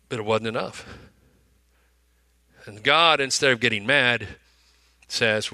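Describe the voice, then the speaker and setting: A male pastor preaching a sermon, repeating phrases for emphasis and swinging between loud, emphatic lines and hushed ones. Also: on the high side, lively intonation, moderate pace, long pauses, dry recording.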